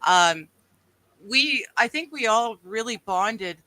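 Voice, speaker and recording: A woman's voice: on the high side, expressive, slow pace, bright, forceful tone, no room sound, low-quality recording. A woman co-hosting a casual livestream, laughing easily and chiming in with short agreements. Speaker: livestream co-host. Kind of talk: casual chat.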